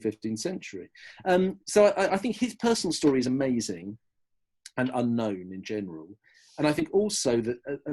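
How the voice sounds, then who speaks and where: A man's voice: on the low side, a little mellow. A man answering history questions as a podcast guest, chatty and enthusiastic with loose restarts. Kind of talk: casual podcast Q&A.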